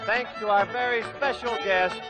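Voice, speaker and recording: A young man hosting a 1950s country radio show, crooning a tender ballad and then rattling off a quick, friendly sign-off. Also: very high voice, steady tone, over music. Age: young adult. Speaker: radio host and singer. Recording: vintage 1950s radio broadcast with band behind.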